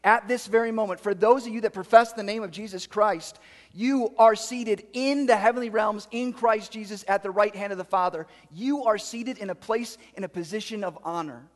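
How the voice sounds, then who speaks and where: A man with a high voice delivers a sermon, moving from scripture reading into explanation. He drives his points home through repeated, emphatic phrases. His voice carries a long reverberant tail, as in a large hall. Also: normal speed. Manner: reads scripture then preaches with rising emphatic repetition. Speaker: pastor.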